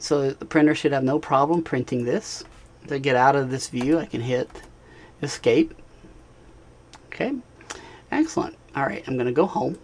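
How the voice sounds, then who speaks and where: A man's voice: on the high side, gravelly, a little mellow. Guy walking thru a cad tutorial on screen, chatty, keeps asking right?. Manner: casual, talks while clicking, frequent "all right" and "right?". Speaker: instructor.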